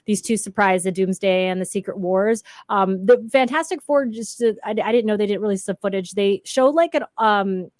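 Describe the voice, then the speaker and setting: A woman's voice: medium pitch, moderate pace, hardly any pauses, darkish tone, no room sound, studio quality. Chatty woman guest, hesitant. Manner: chatty, hesitant with many ums and likes. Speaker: podcast guest. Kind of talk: casual chat.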